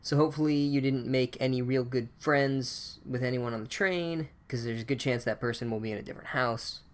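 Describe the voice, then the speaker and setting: A man's voice: mid-range voice, a little fast, lightly acted. A man voicing a stern female witch professor giving bossy, matter-of-fact instructions.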